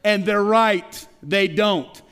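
High-voiced pastor preaching in a reverberant hall. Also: male voice, takes it slowly, fairly bright tone, smooth. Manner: conversational preaching with rhetorical questions and stammered restarts. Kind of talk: sermon. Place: church sanctuary. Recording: long reverb of a large hall.

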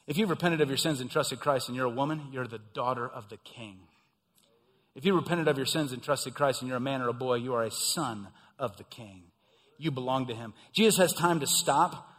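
Preacher guy with a pretty high voice, chatty sermon, gets loud then hushed, big hall reverb. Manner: conversational, swings between loud excited asides and hushed emphasis. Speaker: pastor.

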